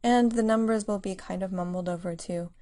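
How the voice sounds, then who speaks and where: A woman teaching a language lesson in a clear, patient way, explaining pronunciation step by step. Her voice sits at an ordinary middle pitch. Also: a little fast, dark tone.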